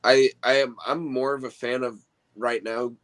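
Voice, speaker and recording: A man who wrestles, talking casually and excitedly about his favorite matches as a guest on a stream. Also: medium pitch, moderate pace, rough recording. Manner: rambling, excitable fan talk. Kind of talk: casual podcast chat. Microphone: remote call mic.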